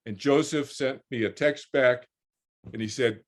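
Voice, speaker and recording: A man's voice: mid-range voice, a little slow. A man in his sixties telling a personal story as a guest on a video call, rambling with repeated words and restarts. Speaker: guest speaker.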